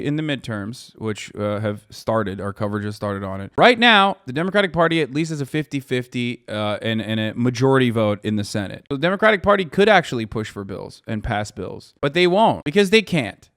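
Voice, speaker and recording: A man's voice: mid-range voice, animated, a little fast, few pauses, fairly bright tone, no room sound, clean studio sound. A man in his thirties streaming political commentary, swearing often and turning heated as he reads news aloud. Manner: profane, heated, voice rising sharply when angry.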